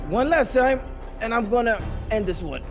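A hoarse young man commentating a horror game, jittery and repeating himself as he plays. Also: very high voice, expressive, over music. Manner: jittery, talks to himself, repeats words rapidly. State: hoarse, sore throat. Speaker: gaming channel host.

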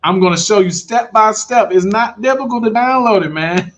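A man's voice: sits high, normal speed, low-quality recording. A man coaching viewers through a screen-share tutorial, casual and upbeat, who keeps calling his audience guys. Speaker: online business coach.

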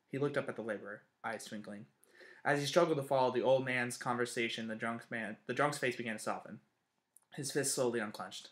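A man reading a first-person story aloud in an earnest, steady way. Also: medium pitch, brisk. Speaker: reader. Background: soft guitar music.

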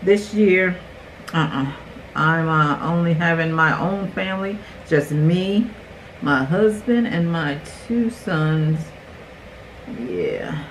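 A woman's voice: sits low, slow pace, a little hiss or hum, poor audio. A woman in her forties chatting directly to her viewers while doing a makeup tutorial at home. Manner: chatty, talks straight to viewers. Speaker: beauty vlogger.

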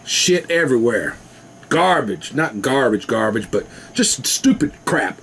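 A man's voice: mid-range voice, very animated, measured pace, creaky, a bit bright, slightly rough. A man rambling casually to his camera at home, laughing often. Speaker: vlogger. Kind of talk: casual rambling video chat.

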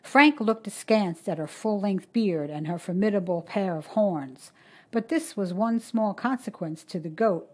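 A woman narrating a short story in a steady, measured reading voice. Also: lowish voice, slightly rough.

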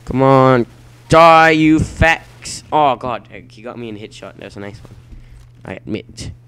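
A man giving let's play commentary at his computer, excitable and quick to shout and swear at the game. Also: medium pitch, smooth. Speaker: gameplay commentator.

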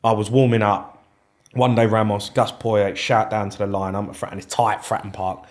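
A man with a lowish voice recounting his football days on a podcast. He talks candidly and animatedly, dropping swear words freely. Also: little pitch movement, moderate pace. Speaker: podcast guest, former footballer. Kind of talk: casual storytelling interview.

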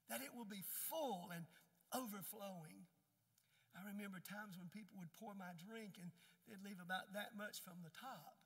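A man's voice: high-pitched, pushed and bright. An older man preaching a sermon in a church, emphatic and folksy as he tells stories. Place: church sanctuary. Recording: long church reverb.

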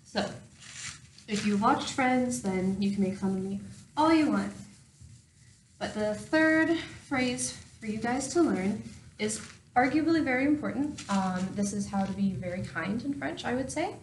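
A woman's voice: fairly high pitch, a little slow, recorded from a distance. Young woman, chatty step-by-step lesson, wry asides; roomy, off-mic sound with faint hum. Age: young adult. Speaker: language teacher. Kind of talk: casual spoken lesson.

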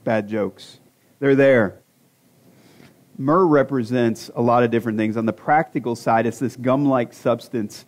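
Pastor in his forties, mid-pitched man's voice, easygoing sermon delivery with dad jokes. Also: measured pace. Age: 40s. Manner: conversational, self-deprecating jokes, rhetorical questions. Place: church sanctuary.

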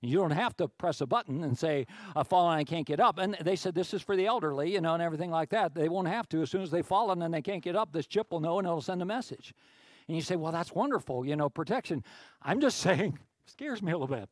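A man's voice: a little high, lively intonation, fast, dry recording. A man preaching a sermon as pastor, talking in a conversational way with many restarts and climbing to emphatic peaks.

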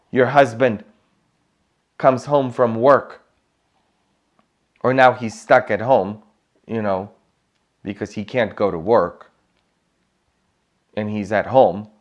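A man preaching a sermon as a priest, telling stories with emphasis and humor. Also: on the low side. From Poland.

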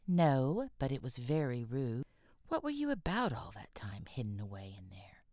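A woman reading the part of a genteel, tired young woman, often speaking softly and in a whisper. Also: a bass voice, big pitch swings, moderate pace, dry recording, clean studio sound, exaggerated voice. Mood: prim. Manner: soft, frequently whispered delivery.

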